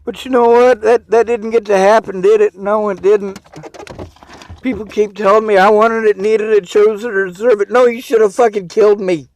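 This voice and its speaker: A man's voice: high-pitched, fairly even intonation, normal speed, darkish tone, poor audio. A man in a bitter, swearing personal rant to camera, venting his grievances in outbursts. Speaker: vlogger.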